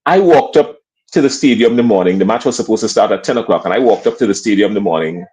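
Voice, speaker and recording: A Grenadian man in his fifties speaks as a guest on a sports talk show. He tells his story in an animated, storytelling way, often acting out what others said. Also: lowish voice, fast, low-quality recording. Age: 50s. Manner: lively storyteller acting out quoted voices.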